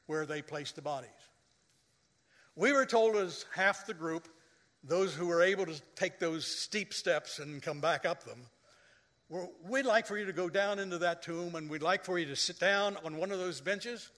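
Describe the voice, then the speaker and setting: A man with a high, bright voice preaches a sermon in a church sanctuary, taking his time over each phrase. He tells stories and then swells into loud, dramatic quoted lines. His voice rings out with a long reverb from the hall around him. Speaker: pastor.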